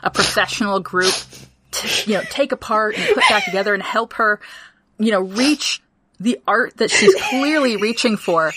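A woman's voice: medium pitch, expressive, moderate pace, noisy background. A woman co-hosting a podcast in casual comedic chat, teasing and swearing freely. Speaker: podcast co-host.

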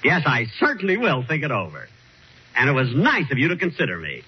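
A man's voice: mid-range voice, wildly swooping pitch, a little fast, slightly rough. A man hosting a 1940s radio comedy as an indignant, exasperated straight man. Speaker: comedy show host. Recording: hissy dull vintage radio recording.

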